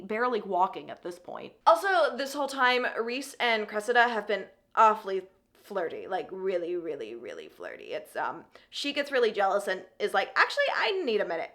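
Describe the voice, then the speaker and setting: Bright chatty woman recapping a book. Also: mid-range voice. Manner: chatty, sarcastic, laughs often. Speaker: book reviewer.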